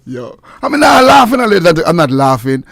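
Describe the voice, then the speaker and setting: A man's voice: on the high side, very animated, a little fast, a bit bright. A man with a Jamaican accent hosting a call-in radio show, joking and laughing with callers.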